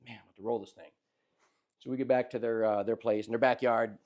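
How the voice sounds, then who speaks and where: A young man telling a funny story in casual chat, animated and often laughing as he acts out what people said. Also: medium pitch, fast. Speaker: podcast host telling a story.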